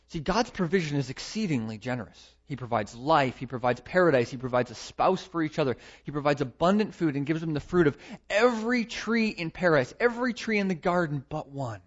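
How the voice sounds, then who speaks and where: A man preaching a sermon, emphatic, building to loud stresses and repeating his words. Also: on the high side, animated, brisk. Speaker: pastor. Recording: dull lo-fi recording.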